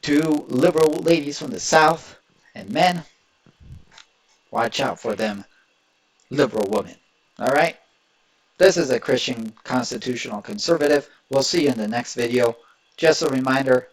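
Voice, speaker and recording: A man's voice: medium pitch, moderate pace, pauses often. A man from Indiana hosting his own political reaction video, talking in an emphatic, rambling and opinionated way. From Indiana, USA. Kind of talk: reaction commentary.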